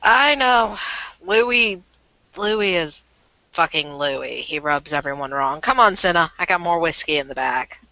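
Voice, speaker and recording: Woman playing a stern den mother, slow and bright-toned, dull lo-fi line. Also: deep voice, expressive, no echo, exaggerated voice. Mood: weary. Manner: commanding, dry and fed up. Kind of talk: voiced tabletop role-play. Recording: dull lo-fi voice chat.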